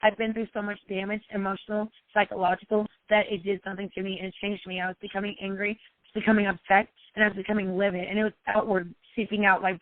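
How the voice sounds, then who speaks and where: A woman's voice: little pitch movement, quick pace, no echo, phone-quality sound. A woman life coach talking personally to her followers, emotional and repetitive. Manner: emotional, repetitive, sometimes cries out high.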